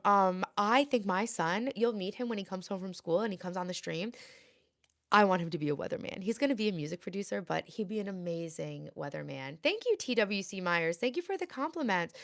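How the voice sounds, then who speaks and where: A woman's voice: mid-range voice, vocal fry, a bit bright. A woman in her late thirties, hosting a casual livestream and chatting and rambling as she reads viewer comments aloud. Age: 30s. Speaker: livestream host.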